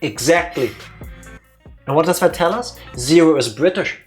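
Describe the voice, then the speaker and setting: A man chats casually while playing a game, excitable and rambling as he spins joking theories. Faint game music sits behind his voice. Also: a little high, moderate pace. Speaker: let's play co-host. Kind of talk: casual gameplay chat.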